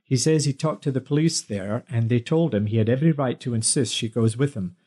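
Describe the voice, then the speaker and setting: A cheeky young man, quick-witted and playful, bantering and talking back without fear, as a male narrator plays him. His voice is warm and mellow at a middle pitch, read for an audiobook. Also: close to an everyday voice. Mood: friendly.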